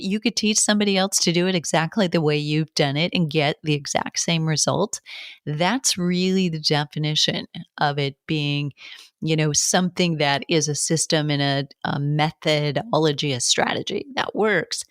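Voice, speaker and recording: A woman's voice: sits low, moderate pace, no room sound, clean studio sound. A woman who hosts a fitness business podcast, giving casual advice in a conversational way with restarts and short laughs.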